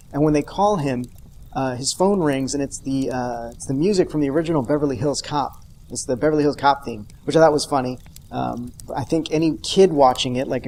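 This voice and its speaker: A man with a mid-range, darkish voice hosts an unscripted TV episode review, with slight background noise. His casual monologue is conversational and rambling, sprinkled with wry asides.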